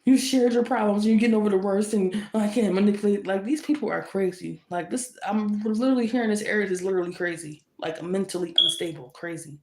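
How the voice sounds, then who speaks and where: A woman's voice: mid-range voice, fast, few pauses, a little mellow. A woman deals out a tarot reading in a fiery, confrontational rush, circling back on her points again and again. Her voice sits in an ordinary middle register. The sound carries a roomy echo. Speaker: tarot reader.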